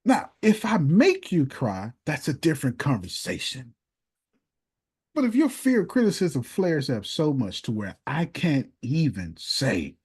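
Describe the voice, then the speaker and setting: A man's voice: on the high side, huge pitch swings, unhurried, a little mellow, slightly rough. A man coaching a group in an emphatic, preachy manner, using casual, conversational grammar and repeating his points for effect over a video call. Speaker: motivational speaker and business coach. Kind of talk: animated live coaching session.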